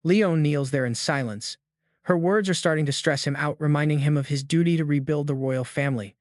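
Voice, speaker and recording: A man tells a comic-book story in a scripted, dramatic narration, his voice sitting a bit high for a man. The recording is close and dry with no room sound. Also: a little fast, no room sound. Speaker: recap narrator.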